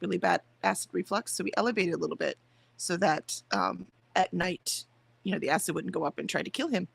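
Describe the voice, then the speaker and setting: A woman talks in a loose, rambling way to her livestream chat. Her pitch sits in the middle for a woman. She chats casually about her morning. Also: creaky, fairly bright tone, no echo. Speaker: livestream host.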